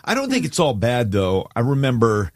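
A man co-hosting a casual talk show, telling a story with deep feeling and choking up at times. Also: wildly swooping pitch, moderate pace, no echo. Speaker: co-host. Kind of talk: casual chat.

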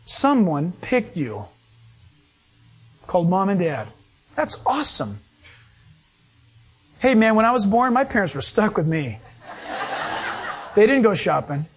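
A man preaching a sermon, telling stories with animated delivery and acting out other people's voices. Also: high-pitched, measured pace, pauses often, slightly rough. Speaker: pastor.

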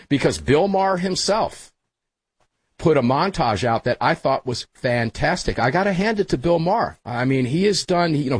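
A male radio talk show host, chatty and energetic, speaking into a studio microphone in a small studio. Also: medium pitch, slightly rough, no room sound. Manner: energetic, chatty, calls everyone brother. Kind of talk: casual talk radio hosting. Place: small hot studio full of equipment.

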